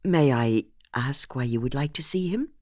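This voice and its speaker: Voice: mid-range voice, animated, moderate pace, darkish tone, no room sound, studio quality, lightly acted. A narrator voicing a friendly, chatty Irish receptionist in her fifties, with an Irish accent. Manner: chatty, conspiratorial.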